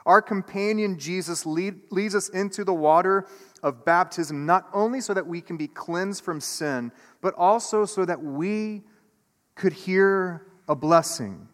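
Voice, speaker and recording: A man's voice: high voice, measured pace, fairly bright tone. A man preaching a sermon to a congregation in a church sanctuary, earnest and building through repeated phrases, then loosening into casual, chatty asides. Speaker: pastor. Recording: echoey church hall.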